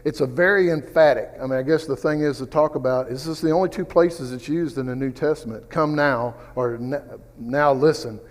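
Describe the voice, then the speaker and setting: A man teaches a Bible study in a relaxed, rambling way, drifting into personal stories and asides. His voice sits at an ordinary pitch. A long reverb trails after his words in the church classroom. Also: a little fast, few pauses.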